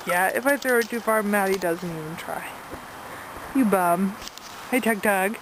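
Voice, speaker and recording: A woman's voice: fairly high pitch, measured pace, long pauses. A woman vlogger cheering on and cooing at puppies in playful baby talk, filmed on a handheld camera. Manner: excited, cooing and cheering the pups on. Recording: noisy home video.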